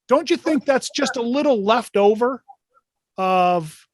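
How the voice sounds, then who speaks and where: A man's voice: extremely high pitch, measured pace, no room sound. A man hosting an online meeting for basketball officials, talking through a clip in a conversational way with frequent rhetorical questions. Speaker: meeting host. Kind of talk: instructional talk to officials. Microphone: video call.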